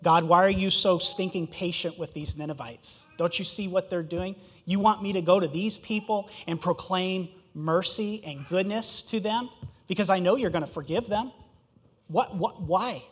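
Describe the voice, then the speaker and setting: A man's voice: high voice, normal speed, husky, long reverb tail, muffled recording. A man voicing an exasperated male prophet who complains with rising disbelief.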